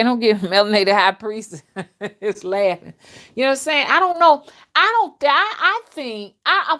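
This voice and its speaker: An older woman hosting a casual live stream, talking bluntly and loudly to her viewers and laughing often as she reads their comments. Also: on the low side. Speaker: spiritual reader and live-stream host.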